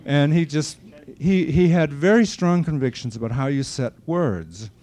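Mellow-voiced older man reminiscing. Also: a little high, animated, unhurried. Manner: anecdotal storyteller who acts out quoted remarks. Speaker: interviewee. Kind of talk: reminiscing conversation.

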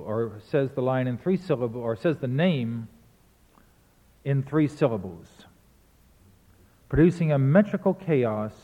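A man lecturing on verse, explaining rhythm and chanting the beats aloud to demonstrate. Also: medium pitch. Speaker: literature lecturer. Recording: tinny phone-like sound in a reverberant hall.

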